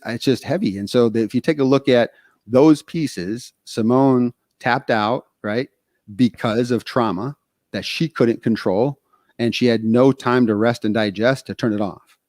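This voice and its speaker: A man from Texas co-hosting a podcast, talking casually in animated stretches, full of fillers and restarts. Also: mid-range voice, normal speed, no room sound, clean studio sound. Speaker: podcast co-host.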